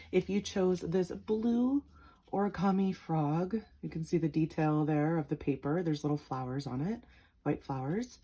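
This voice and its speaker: A woman's voice: sits low, warm tone. Chatty giggly young woman reading tarot. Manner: chatty, giggly, upbeat, often says "like". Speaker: tarot reader. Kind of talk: casual pick-a-card tarot reading.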